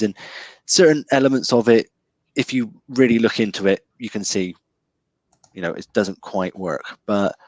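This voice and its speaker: A man's voice: on the low side, no room sound. A man talking about a film as a guest in a casual chat, hesitant and full of restarts. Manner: hesitant, restarts with many ums.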